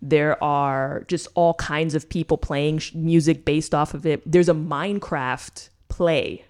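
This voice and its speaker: A woman's voice: low voice, steady tone, a little slow, a little mellow. A woman co-hosting a podcast, retelling a story in casual, profane chat and checking in with "right?" after almost every point. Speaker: podcast co-host.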